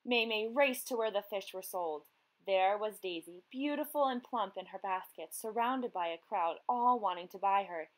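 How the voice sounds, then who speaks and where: Woman teacher reading a picture book aloud; gentle, expressive, talks to young readers. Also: medium pitch, moderate pace, rough recording. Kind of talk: children's story read-aloud.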